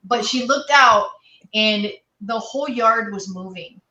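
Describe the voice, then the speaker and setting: A woman's voice: medium pitch, a little slow, sharp tone, distant mic. Heartfelt woman in an echoey room. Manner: heartfelt storytelling. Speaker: panelist. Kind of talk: casual chat. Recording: echoey room, away from the mic.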